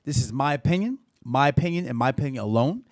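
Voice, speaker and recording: A man in his thirties hosting a live call-in show, chatty and animated, swearing and laughing often. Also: mid-range voice, fast talker, no room sound, clean studio sound. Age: 30s. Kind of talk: casual live-stream talk.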